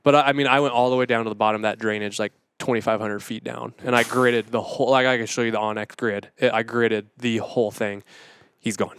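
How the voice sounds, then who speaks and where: A young man talks as a podcast guest, recounting a story in a loose, animated way with lots of fillers. His voice is smooth and clear, recorded dry and close. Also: medium pitch, fairly quick, dry recording. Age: young adult. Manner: animated, many fillers, acts out his own thoughts. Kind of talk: casual storytelling.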